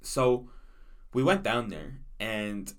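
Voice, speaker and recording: Animated young man telling stories. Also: medium pitch, slow pace. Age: young adult. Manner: animated storyteller, says "bro" a lot. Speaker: podcast co-host. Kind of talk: casual chat.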